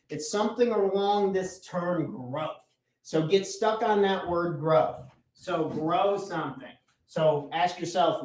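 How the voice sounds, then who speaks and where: Male business coach, bright higher voice, casual motivational delivery with mild swearing, recorded from a distance. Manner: repeats key points for emphasis. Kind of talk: motivational talk to camera. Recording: echoey room, mic at a distance.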